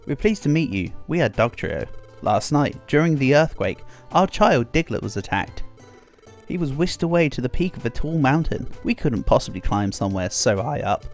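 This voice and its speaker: A man's voice: medium pitch, sing-song, moderate pace, faint music behind. An English man voicing a worried, polite three-headed mole parent from a video game, reading its lines in a formal, courteous way. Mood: pleading.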